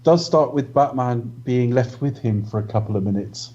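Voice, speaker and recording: A man's voice: medium pitch, moderate pace, dark tone. A man co-hosting a podcast, explaining film scenes in thoughtful, casual chat. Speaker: podcast co-host. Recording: muffled lo-fi mic.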